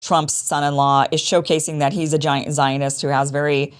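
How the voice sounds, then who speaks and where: A woman's voice: low voice, little pitch movement, moderate pace, clear, resonant tone. A woman hosting a show, giving casual political commentary in a chatty, dismissive way and repeating her points. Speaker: show host.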